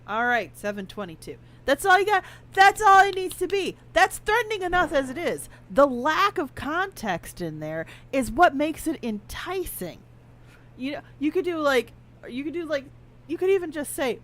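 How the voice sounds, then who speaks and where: A woman co-hosting a casual game stream, talking in an animated, rambling, opinionated way. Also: high-pitched, moderate pace. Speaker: podcast co-host playing a game. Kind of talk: casual let's-play chat.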